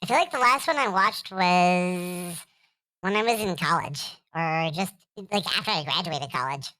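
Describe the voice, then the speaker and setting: A woman's voice: on the low side, animated, moderate pace, sharp tone. A young adult woman chatting casually on a stream. She rambles, laughs often, and hums along to music.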